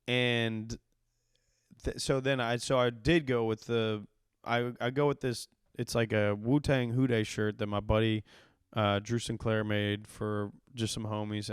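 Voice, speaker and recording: A man in his thirties, a comedian hosting his podcast, telling a story in a casual, profane, animated way and acting out the quotes. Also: fairly low pitch, clear, resonant tone, no echo, clean studio sound. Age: 30s.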